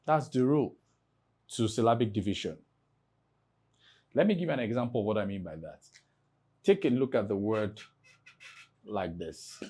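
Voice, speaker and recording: A man from Nigeria teaching an exam prep English lesson, explaining slowly and spelling words out letter by letter. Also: mid-range voice, lively intonation, dark tone, husky. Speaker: English tutor.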